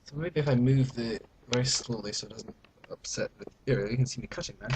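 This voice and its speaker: A man's voice: mid-range voice, quick pace, darkish tone, a little hiss or hum. A young British man talking to camera at home in a rambling, self-mocking, mock-dramatic way. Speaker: vlogger. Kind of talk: casual chat to camera.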